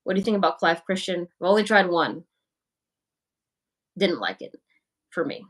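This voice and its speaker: A woman's voice: on the low side, lively intonation, normal speed. A young woman hosting a livestream, talking casually and frankly as she answers viewers' comments, with plenty of "like" and "you know". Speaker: livestream host.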